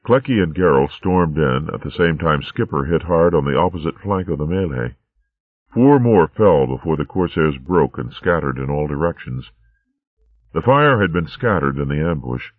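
A man narrating a storybook in a steady, measured way. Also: a bass voice, no echo. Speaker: audiobook narrator. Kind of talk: scripted narration. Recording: tinny narrow-band recording.

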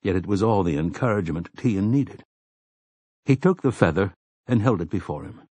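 A man narrating an audiobook in measured, even storytelling. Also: lowish voice, husky, no room sound. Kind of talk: scripted narration.

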